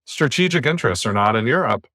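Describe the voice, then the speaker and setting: A man from the United States hosting a podcast, giving blunt, opinionated views in casual discussion, often with animated rants. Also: mid-range voice, fast, dry recording, studio quality. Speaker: podcast host.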